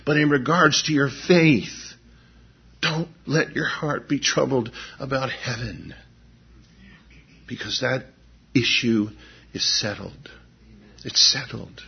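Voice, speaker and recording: Husky-voiced pastor in his fifties preaching. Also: medium pitch, takes it slowly, pauses often, lo-fi sound. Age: 50s. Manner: swings from hushed intensity to animated storytelling. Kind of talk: sermon.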